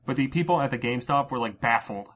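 A man's voice: mid-range voice, expressive, fast, a bit bright. A man hosting a casual chat, rambling with many fillers and restarts. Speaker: podcast host. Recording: dull lo-fi recording.

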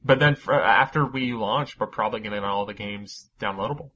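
A man hosting a podcast, chatting casually and running through news, energetic and quick to swear. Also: on the low side, lo-fi sound, a little hiss or hum. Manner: energetic, swears freely, laughs often. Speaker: podcast host. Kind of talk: casual chat and news rundown.

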